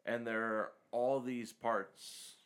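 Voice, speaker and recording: Bright-voiced man rambling through a point. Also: medium pitch, little pitch movement, slow pace. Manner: rambling, searching for words. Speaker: podcast co-host. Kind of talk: casual chat.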